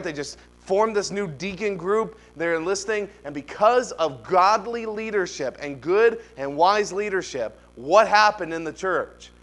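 A man's voice: sits high, fairly bright tone. A middle-aged man preaching a sermon as pastor, telling stories and pushing emphatic rising questions.

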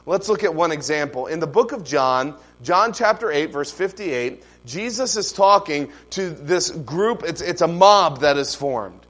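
A man's voice: on the high side, fairly bright tone. A man preaching a sermon in a conversational way, asking the congregation rhetorical questions and adding asides. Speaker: pastor.

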